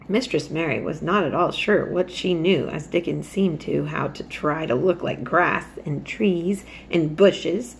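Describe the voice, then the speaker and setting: Creaky-voiced woman reading a storybook. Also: deep voice, slight background noise. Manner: unhurried, steady storytelling with small slips. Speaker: storybook reader. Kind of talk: reading a children's novel aloud.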